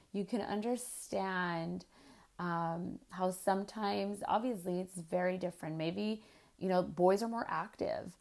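A woman's voice: on the low side, creaky, darkish tone. A woman in her thirties hosting a podcast, talking frankly in a rambling, conversational way with plenty of fillers. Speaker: podcast host. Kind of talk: casual podcast monologue.

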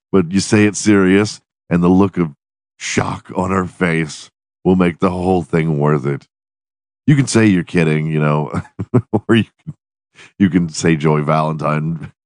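A man's voice: rumbling low, no room sound, studio quality. A man hosting his podcast in a profane, rambling, giggly solo monologue. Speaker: podcast host.

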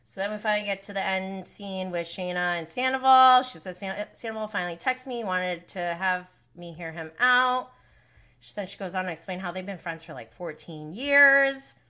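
Bright, emotional woman recapping a show. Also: mid-range voice, lively intonation, normal speed, clean tone. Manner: emotional, indignant and blunt, swearing freely; often close to tears while talking. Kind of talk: live reality TV recap commentary.

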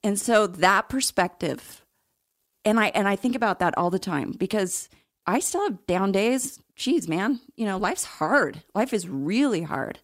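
A woman's voice: medium pitch, lively intonation, unhurried, no echo, studio quality. A middle-aged woman, an interview guest, telling her personal story in a candid, reflective way with occasional laughs.

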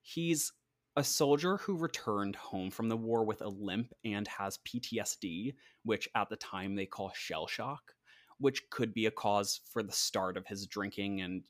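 A man with a voice on the low side co-hosts a podcast, telling a history story in a chatty, casual way. He says "like" often and acts out quotes. The studio-quality recording has no room sound.

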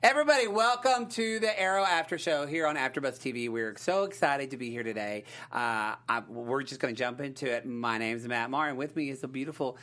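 An animated, playful man co-hosting a casual chat about a TV episode. He banters easily and slips into sing-song hype now and then. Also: medium pitch, a little fast, few pauses. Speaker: co-host.

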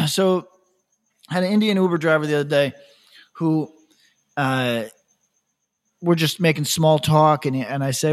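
Podcast guy rambling thru a story, laughs a lot, slightly high voice. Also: a little slow, long pauses. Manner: rambling anecdotes, laughs often. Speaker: podcast host. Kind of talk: casual chat, storytelling.

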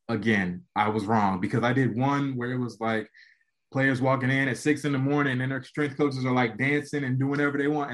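A young man, a college football player, telling a casual story as a podcast guest and acting out quotes in an animated way. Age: young adult. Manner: animated, acts out quotes with jumps in pitch.

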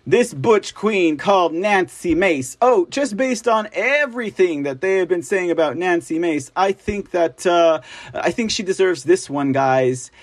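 A man hosts a live political commentary stream in a fairly high voice, recorded close and dry. He reads articles aloud, then breaks off to react with excitement and greet his chat by name. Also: unhurried, dry recording. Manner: excitable, chatty, addresses viewers as guys. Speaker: host of a political commentary show.

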